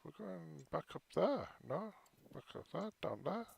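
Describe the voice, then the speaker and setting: A man's voice: on the high side, expressive, unhurried, vocal fry, darkish tone, slightly rough. A man streaming a space trading game, chatting casually and muttering to himself as he plays. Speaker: gaming streamer. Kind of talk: casual gameplay commentary.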